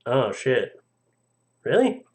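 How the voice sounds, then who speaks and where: A man's voice: mid-range voice, huge pitch swings, slow pace. A young man live streaming, who chats casually, reads viewer stories aloud, laughs often, and stumbles over names.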